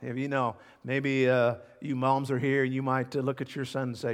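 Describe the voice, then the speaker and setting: A man preaching a sermon as pastor, emphatic, repeating key words and swinging between loud and hushed. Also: mid-range voice, steady tone, measured pace. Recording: long hall reverb.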